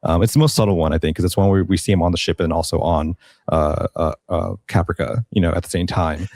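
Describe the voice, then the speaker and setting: A man's voice: low-pitched, steady tone, a little mellow, no echo. A man moderating a casual panel discussion, talking in a conversational way with plenty of fillers. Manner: rapid, filler-heavy, conversational.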